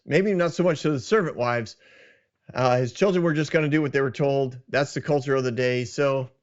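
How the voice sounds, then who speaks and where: A man's voice: mid-range voice, lo-fi sound. A man hosting a podcast, casually retelling a scripture story in a conversational, self-deprecating way. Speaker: podcast host.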